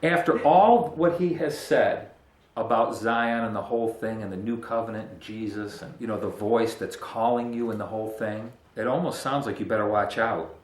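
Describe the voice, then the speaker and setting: Joking, animated male pastor in echoey room. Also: fairly low pitch, moderate pace. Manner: casual, joking, bursts of emphatic animation. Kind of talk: conversational sermon.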